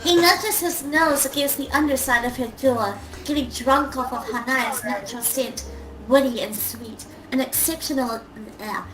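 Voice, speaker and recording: A woman's voice: sits high, normal speed, poor audio. A woman with a New Zealand accent reading fan fiction aloud to a group, stumbling and laughing over the words.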